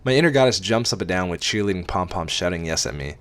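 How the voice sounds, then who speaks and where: A man's voice: low-pitched, animated, fast talker, fairly bright tone. A man reading a novel aloud in a casual amateur way, with wry asides and casual swearing.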